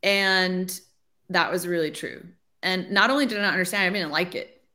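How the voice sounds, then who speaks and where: A woman's voice: fairly low pitch, moderate pace, pushed and bright. Chatty woman telling her faith journey. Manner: chatty, says "like" often, acts out her own past thoughts. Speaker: ministry leader, interview guest. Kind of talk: conversational testimony.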